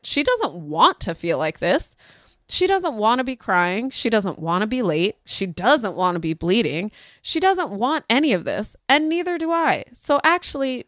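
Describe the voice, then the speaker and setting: A woman, a parenting podcast host telling a story casually and acting out quoted voices with sudden pitch jumps. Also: a bit bright, dry recording, clean studio sound.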